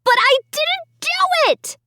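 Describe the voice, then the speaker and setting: A woman's voice: sits high, very animated, measured pace, no room sound, voice pushed up. A woman reading an audiobook, voicing a frantic preteen girl who wails, shrieks and trembles as she insists she is innocent. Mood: desperate wailing. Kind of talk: audiobook character voice.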